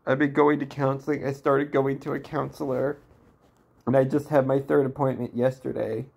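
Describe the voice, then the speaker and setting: A man in his twenties venting in a downcast, distressed personal vlog, talking haltingly with many restarts. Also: mid-range voice, flat delivery, vocal fry, a little mellow, breathy edge. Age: 20s. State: emotionally distressed. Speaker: vlogger.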